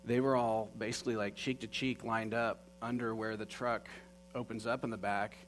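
A man's voice: fairly low pitch, little pitch movement, moderate pace, poor audio. A man telling a personal story in an earnest, conversational way, with many fillers. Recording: faint mains hum.

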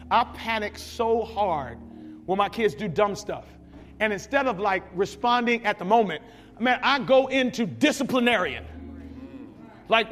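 High-voiced preacher guy, acts out stories loud, echoey church hall. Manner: animated storytelling, shouting at peaks, sound effects. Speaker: pastor. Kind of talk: sermon.

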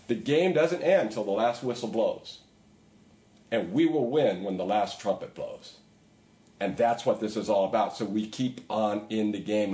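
A man's voice: medium pitch, darkish tone, reverberant. A man preaching a sermon in a conversational way, with emphatic repetition. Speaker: pastor.

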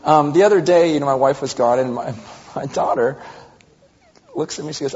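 A man in his thirties preaching a sermon, telling stories animatedly and swinging between loud exclamations and hushed confession. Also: on the high side, sing-song, brisk, slight background noise. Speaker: pastor. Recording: dull reverberant hall recording.

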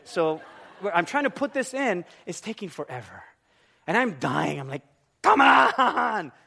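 A man with a fairly high, very expressive voice delivers a sermon. He tells funny stories from his own life and acts out every voice in the dialogue himself, from his wife's lines to his own. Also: moderate pace, vocal fry. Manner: animated storyteller who acts out both sides of dialogue. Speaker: pastor. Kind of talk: sermon with a humorous personal story.

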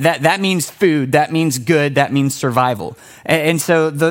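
A man preaching a sermon in a casual, animated storytelling way, often restarting his sentences. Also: on the high side. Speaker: pastor.

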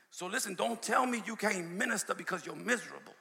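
A male preacher delivering a sermon, swinging from shouts to hushed asides and calling out to his congregation. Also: high voice, animated, fast, gravelly, few pauses, long reverb tail. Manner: call-and-response preaching, shouting and dropping to a hush. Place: church sanctuary.

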